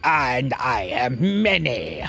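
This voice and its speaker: Brief: taunting fantasy boss, deep and drawn out, put on by a gamer. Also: sing-song, slow pace, creaky, bright, forceful tone, soft background music, full character voice.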